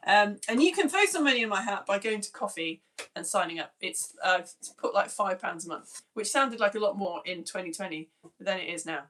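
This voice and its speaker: A woman in her forties, a science teacher, chatting warmly through viewer comments on a live-streamed lesson, greeting each by name. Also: medium pitch.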